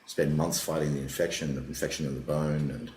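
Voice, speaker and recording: An older man with an extremely deep, low voice, telling animated stories and sometimes dropping to a muttering aside. The room is echoey and has a faint hum of ambience behind him. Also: brisk. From Australia. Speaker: comedian guest. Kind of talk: casual interview storytelling.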